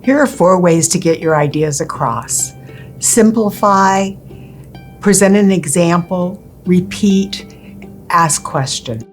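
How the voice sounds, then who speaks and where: A woman with a fairly low voice reads a scripted lesson in a calm, measured, instructive way. Faint music plays quietly behind her. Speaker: presenter, attorney. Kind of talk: scripted educational narration.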